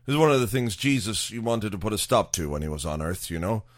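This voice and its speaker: A man hosting a podcast, chatting casually about football and dropping in jokey asides as he rambles. His voice sits low, but his pitch moves about a lot. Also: animated, fast talker. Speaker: podcast host.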